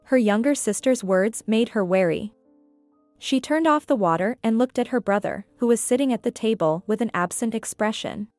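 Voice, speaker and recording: A woman reading a scripted story aloud in an even, measured way. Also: on the high side, no room sound, faint music behind.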